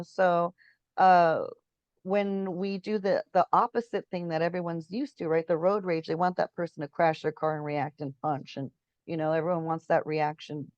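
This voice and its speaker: A woman's voice: fairly low pitch, a little mellow, no echo, muffled recording. A woman in a casual spiritual chat, telling stories, acting out quotes and searching for words as she goes. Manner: chatty storyteller, acts out quotes, searches for words. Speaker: guest.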